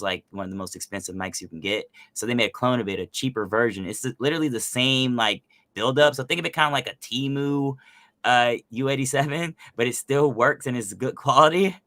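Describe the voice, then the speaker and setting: A man's voice: mid-range voice, no room sound. A man who is a voice actor, chatting casually and animatedly about his craft, with lots of fillers. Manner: animated, explains with many fillers. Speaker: voice actor guest. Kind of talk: casual podcast chat.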